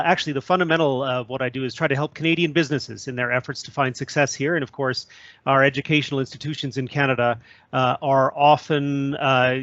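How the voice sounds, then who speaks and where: A man's voice: medium pitch, fairly bright tone, dry recording. A male trade commissioner giving a webinar presentation, hesitant with many fillers. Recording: dull lo-fi audio.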